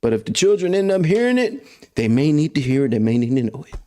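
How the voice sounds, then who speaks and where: A man hosting his own show, ranting in a casual, slangy monologue that swings between loud outbursts and low mutters. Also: sing-song. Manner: slangy, drawn-out emphasis. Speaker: podcast host.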